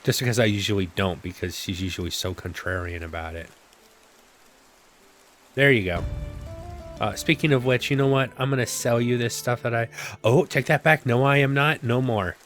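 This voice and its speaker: A man's voice: mid-range voice, normal speed, a bit bright, soft background music. A man casually commenting as he plays a video game, chatty and self-mocking, with rambling asides, talking into a desk microphone. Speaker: gameplay video host. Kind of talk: casual let's-play commentary.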